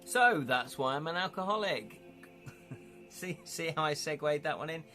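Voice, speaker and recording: A man's voice: fairly high pitch, expressive, unhurried, bright, forceful tone, soft background music. A man chatting casually on a live stream, rambling a little and reading out viewer comments, from the United Kingdom. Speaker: streamer and illustrator.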